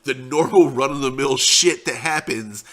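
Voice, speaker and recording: A man's voice: medium pitch, moderate pace, a bit bright. Profane, rambling young man telling a story. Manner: profane, rambling, laid-back. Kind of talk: casual anecdote.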